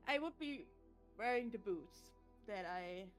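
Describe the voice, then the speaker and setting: A woman plays in a relaxed tabletop game, asking questions and describing her moves in an animated way, often on the edge of laughing. Her voice is mid-pitched, with faint music behind it. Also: measured pace. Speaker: player. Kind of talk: casual play at a tabletop game.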